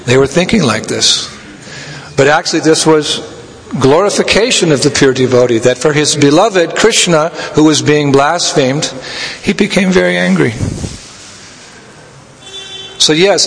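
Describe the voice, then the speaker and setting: A man's voice: mid-range voice, fairly bright tone, a little hiss or hum. Man lecturing in a reverberant hall. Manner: storytelling, measured, with laughs. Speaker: spiritual teacher giving a scripture lecture. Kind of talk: sermon.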